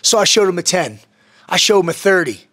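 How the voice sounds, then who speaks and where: A man as a podcast guest in casual chat, telling stories in an intense, profane, animated way. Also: high voice, fairly quick.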